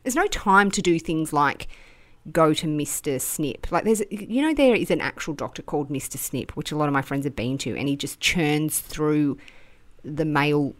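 Aussie woman podcast co-host, fairly low voice, joking around in casual chat. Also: animated, moderate pace, no echo. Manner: playful, jokey, tries silly voices.

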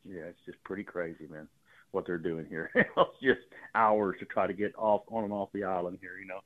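A man's voice: low voice, moderate pace. A man, a fishing guide calling in to a radio show, telling rambling stories and repeating his words as he goes. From Texas Gulf Coast. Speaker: fishing guide and guest caller. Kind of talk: casual phone-in storytelling. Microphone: phone. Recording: narrow phone line.

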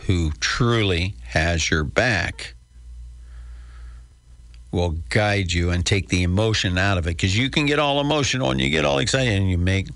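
A man's voice: lowish voice, creaky, fairly bright tone, no room sound. An older man hosting a real estate radio show in a folksy, chatty way with wry asides. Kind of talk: casual radio talk with a live ad read.

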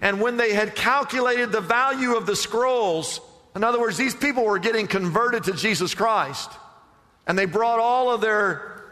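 A man's voice: high voice, normal speed, bright, forceful tone, in a large hall. A man preaching a sermon as pastor, emphatic and firing off rhetorical questions to the congregation.

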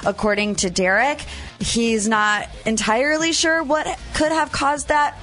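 A woman's voice: a little high, fairly even intonation, measured pace, a bit bright, faint music behind. A woman co-hosting a morning radio show in a studio, chatting casually, laughing easily and saying "like" a lot. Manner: chatty, laughs easily, uses 'like' often.

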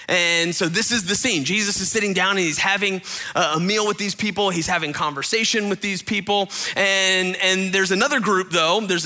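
A male pastor giving a casual, talky sermon. His voice is very bright and sits a little high. He often doubles back on words and speaks straight to the room. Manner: conversational, repeats words, addresses listeners directly.

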